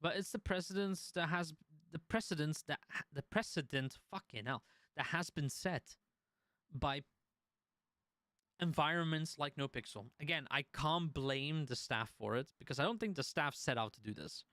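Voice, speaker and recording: A man's voice: fairly high pitch, moderate pace, fairly bright tone, dry recording, studio quality. A man streaming, chatting casually about his experiences, with many restarts and the odd swear word. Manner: conversational, restarts and swears while telling a story.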